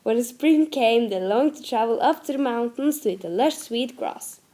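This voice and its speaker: A woman's voice: on the high side, expressive, moderate pace, mellow. A woman with a Norwegian accent, her first language Norwegian, reading a fairy tale aloud carefully, with slips.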